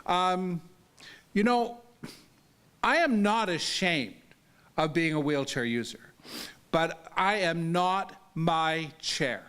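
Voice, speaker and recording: Man, high voice, smooth and resonant, earnest storytelling talk, halting restarts. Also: expressive, a bit bright. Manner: earnest, halting restarts, pitch rising sharply when emphatic. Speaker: disability advocate and lecturer.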